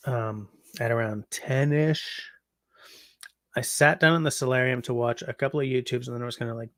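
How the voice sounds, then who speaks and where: Tired, chatty canadian man with a gravelly voice. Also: mid-range voice, no room sound. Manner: rambling, chatty, yawning, frequent ums. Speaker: livestream host reading chat. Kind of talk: casual livestream chat.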